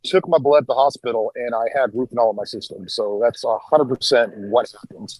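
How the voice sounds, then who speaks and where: A man's voice: medium pitch, brisk, darkish tone, husky, dry recording, poor audio. A man guesting on a podcast, talking frankly and rambling a bit. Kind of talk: casual chat.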